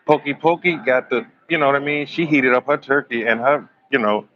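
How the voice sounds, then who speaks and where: A man hosting a live astrology stream, telling raunchy comic stories in an animated, slangy way and joking with his chat. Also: medium pitch, fairly quick, muffled recording, a little hiss or hum. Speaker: astrology livestream host. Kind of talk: live tarot reading with raunchy comic storytelling.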